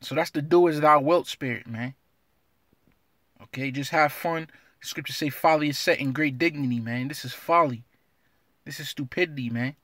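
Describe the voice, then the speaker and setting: A man's voice: medium pitch, normal speed, long pauses, sharp tone, no echo, studio quality. A man giving an informal scripture lesson, blunt and streetwise, tagging his lines with "man" and reading verses aloud in an old-fashioned cadence. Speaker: religious teacher.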